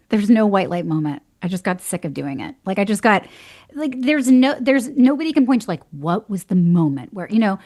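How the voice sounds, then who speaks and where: Woman, podcast guest, casual talk, mid pitch, animated storytelling, quick laughs. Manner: animated storyteller, acts out quoted voices, laughs often. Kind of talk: casual conversation.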